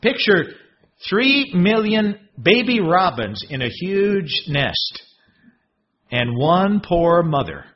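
A man preaching a sermon in a husky voice, expressive and fond of rhetorical questions. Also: a little high. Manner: expressive, rhetorical questions, swings from loud to hushed. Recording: dull lo-fi recording.

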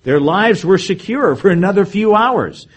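A man preaching a verse-by-verse Bible teaching. He reads scripture aloud with emphasis, then comments in a lower, conversational tone. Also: expressive, normal speed, slightly rough.

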